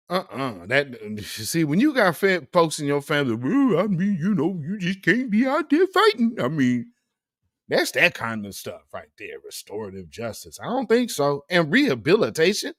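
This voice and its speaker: Animated man reacting to the news. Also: mid-range voice, no room sound, studio quality. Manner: animated, incredulous, reads quotes then reacts. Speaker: news commentary host. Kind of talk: casual news commentary.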